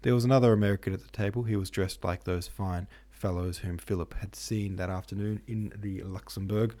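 A man reading a novel aloud as host, in steady, measured narration. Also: low-pitched. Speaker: host and audiobook reader. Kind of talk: scripted narration.

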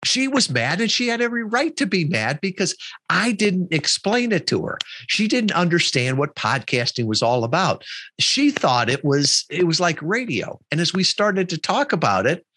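A man's voice: high voice, normal speed, breathy edge, no echo. A middle-aged man, a podcast guest, telling a story in a casual interview and quoting the people in it. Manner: animated storyteller, quotes people in his story.

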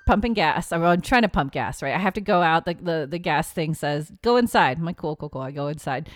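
A woman co-hosting a podcast, chatting casually in an animated, self-mocking way and laughing through her words. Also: low voice, fairly quick, no echo, clean studio sound, soft background music. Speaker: podcast co-host. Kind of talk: casual chat.

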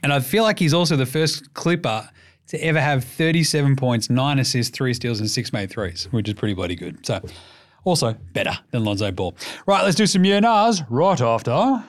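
A man's voice: medium pitch, animated, moderate pace. A man with an Australian accent hosting a casual basketball podcast, rambling, swearing and joking. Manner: profane, rambling, jokey. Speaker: podcast host. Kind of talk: casual sports commentary.

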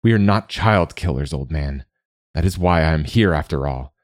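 A man's voice: rumbling low, animated, normal speed, dry recording, clean studio sound. A man voicing a proud, ashamed young male warrior who speaks tensely and defiantly in a storybook reading. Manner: tense, defiant, sometimes shouting.

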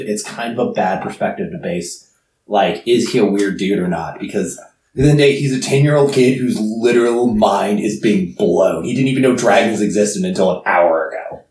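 A man's voice: on the low side, darkish tone, roomy sound, slight background noise. A man co-hosting a book podcast, arguing his point with jokes in casual chat. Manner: argumentative, joking, with mock quotes. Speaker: podcast co-host.

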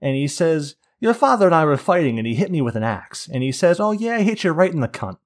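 A man doing an impression of a shrill, shouting comedian telling crude jokes on a podcast. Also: big pitch swings, fast talker. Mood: screeching.

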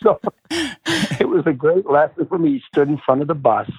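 This middle-aged ex-hockey player has a voice on the high side with a breathy edge, and he talks fairly quickly. As a guest, he casually tells stories, cursing freely and acting out whoever he's quoting; the recording is dry and phone-like.

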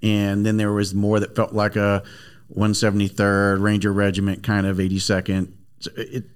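A man with a fairly low voice hosts a relaxed interview podcast. He muses out loud and asks easy follow-up questions in a conversational way. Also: normal speed, clean tone. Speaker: podcast host. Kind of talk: casual interview chat.

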